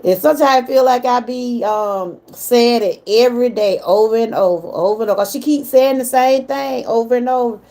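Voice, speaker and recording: A woman's voice: fairly high pitch, a little fast, hardly any pauses, a little mellow. A middle-aged woman with a Southern US accent, chatting casually with viewers on a livestream and getting emotional when she talks about her mother. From Georgia, US. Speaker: livestream host.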